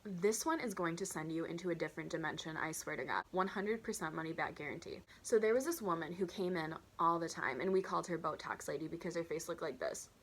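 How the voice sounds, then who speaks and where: A woman with a slightly low voice tells waitressing stories in a casual vlog. She sounds animated and incredulous, with dramatic emphasis and a steady stream of "like.". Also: quick pace, few pauses, husky. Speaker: vlogger telling stories from her waitressing days. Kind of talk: storytime vlog.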